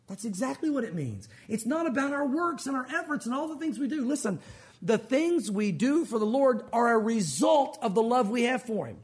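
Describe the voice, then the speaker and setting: A man's voice: extremely high pitch, animated, normal speed, breathy edge. A male pastor preaching a sermon at a church service, earnest and emphatic, often asking his listeners rhetorical questions.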